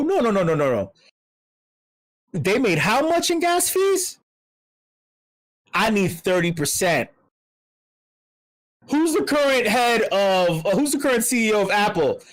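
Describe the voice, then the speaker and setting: A speaker at a community meetup, ranting with lots of swearing, repeating words and swinging between high and low pitch. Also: poor audio. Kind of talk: profane ranting commentary.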